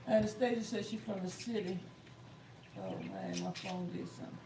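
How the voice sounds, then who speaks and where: A woman co-hosting a live stream, reading viewers' comments in a relaxed, conversational way outdoors. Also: mid-range voice, normal speed, creaky. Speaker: co-host reading the chat. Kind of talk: casual live-stream chat. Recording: echoey, distant mic, outdoor noise with birds.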